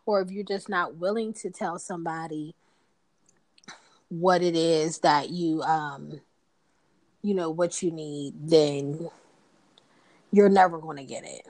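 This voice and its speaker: A woman chats casually, lively and expressive as she acts out bits of dialogue. Her voice sits a little low for a woman. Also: slow pace, pauses often, low-quality recording. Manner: animated storyteller, acts out dialogue. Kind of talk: casual conversation.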